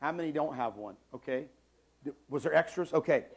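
Pastor, man, 40s, slightly high voice, emphatic sermon delivery, repeats key lines, loud-soft swings. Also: animated, brisk, gravelly, slightly rough. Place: church sanctuary.

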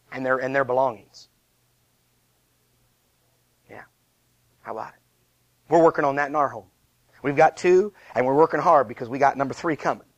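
In a dry recording, a man in his thirties with a fairly high voice preaches as a pastor. His sermon is lively and conversational yet emphatic, packed with repeated rhetorical questions and self-deprecating asides.

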